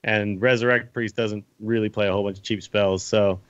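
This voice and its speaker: A man's voice: fairly low pitch, steady tone, brisk, no echo, highs cut off. A man co-hosting a podcast in a casual, enthusiastic chat, rambling a little and laughing as he talks. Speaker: podcast co-host. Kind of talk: casual gaming discussion.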